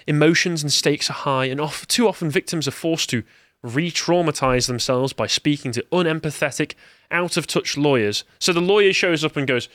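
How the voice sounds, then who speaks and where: A man's voice: a little high, expressive, brisk, fairly bright tone, no echo, clean studio sound. An English man co-hosting a podcast, chatting casually and sarcastically about news, reading quotes in mocking voices. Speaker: podcast co-host. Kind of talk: casual political chat.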